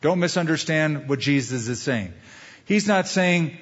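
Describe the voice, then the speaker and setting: A man's voice: on the high side, expressive, measured pace, breathy edge. A male pastor preaching a sermon in a conversational way, often putting questions to the listeners. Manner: conversational, asks the audience questions. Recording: dull lo-fi sound.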